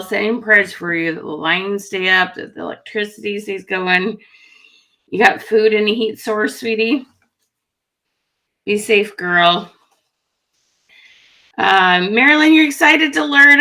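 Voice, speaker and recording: A woman hosts a live online session, greeting her chat viewers one by one in a friendly, chatty way. Her voice is bright and sharp. She talks at an unhurried, slow pace. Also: medium pitch. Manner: friendly, chatty, reacting warmly to viewer comments. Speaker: livestream host.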